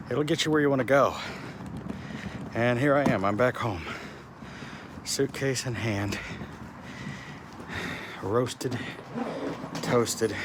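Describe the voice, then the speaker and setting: A man from Texas with a Southern Texan accent, vlogging in a casual, rambling, blunt way and swearing freely. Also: medium pitch. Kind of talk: casual travel vlog. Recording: outdoor traffic noise behind.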